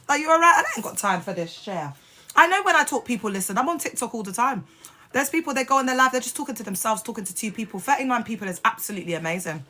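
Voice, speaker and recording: Bright, sassy woman streaming live. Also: fairly high pitch, animated, fast, a little hiss or hum. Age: adult mother. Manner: blunt, sassy, swears freely. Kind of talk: casual live stream talk. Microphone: phone.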